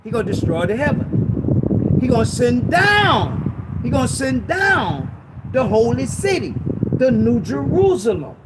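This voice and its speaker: Male preacher, very high and animated voice, exhorting, slow scripture reading. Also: very noisy. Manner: exhorting, reads scripture slowly and repeats lines. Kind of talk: sermon teaching.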